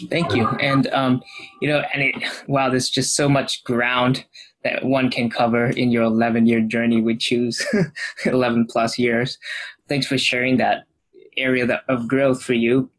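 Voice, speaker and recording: A man hosting an interview, asking questions haltingly with many "you know" fillers. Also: mid-range voice, flat delivery, a bit bright, low-quality recording. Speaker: podcast host.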